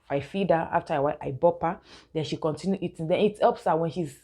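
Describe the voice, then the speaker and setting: Young woman, lowish pitch, mellow tone, chatty vlog tips to viewers. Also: fast, slightly rough. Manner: chatty, keeps addressing viewers as guys, laughs often. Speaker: mother giving baby-care tips. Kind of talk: casual instructional vlog.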